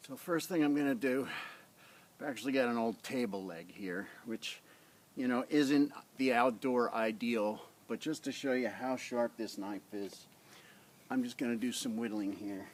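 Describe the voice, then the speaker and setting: A man's voice: medium pitch, moderate pace. A man casually reviewing a survival knife in his yard, talking in a rambling, blunt way into a tablet camera on a tripod. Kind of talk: casual outdoor demo vlog. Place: outdoors in a front yard.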